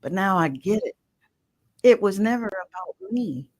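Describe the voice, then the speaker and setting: A woman's voice: mid-range voice, expressive, measured pace, no room sound, low-quality recording. Impassioned middle-aged woman testifying. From Mississippi. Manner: impassioned, swings from loud emphatic to hushed. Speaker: guest, radio show host. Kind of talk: emotional personal testimony.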